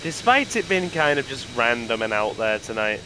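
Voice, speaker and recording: A man with a worn, strained voice giving slow, rambling commentary while streaming a game. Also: mid-range voice, very animated, noisy background. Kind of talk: casual gameplay commentary.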